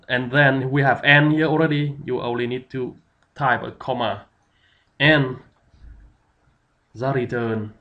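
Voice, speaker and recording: A man teaches in a slow, halting way, full of fillers and little pauses. His comes through on a dull, lo-fi screen-capture recording. His voice sits in a middle pitch. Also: fairly bright tone. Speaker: instructor. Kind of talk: screen-recorded software tutorial.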